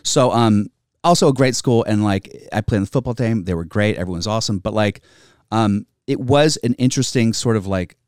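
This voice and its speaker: A man's voice: on the low side, fairly quick, no room sound, studio quality. A man in his forties, a comedian and actor from Virginia, telling stories in a casual, profane podcast chat. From Virginia, United States. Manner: profane, animated storyteller.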